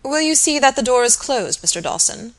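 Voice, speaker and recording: A woman voicing a grave, earnest young male barrister, speaking in a formal, measured way. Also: sits high, lively intonation, pitched above the performer's own voice.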